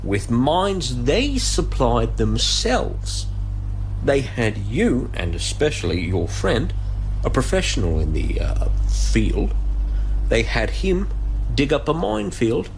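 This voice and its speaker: A man voicing a calm, polite investigator questioning someone in voiced game dialogue. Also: medium pitch, slight background noise, low-quality recording. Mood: patient. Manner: measured and polite. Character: calm, patient male investigator. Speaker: interrogator.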